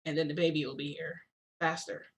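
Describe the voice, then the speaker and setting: A woman's voice: low voice, fairly even intonation, a little fast, husky. A woman voicing a matter-of-fact male doctor. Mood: calm.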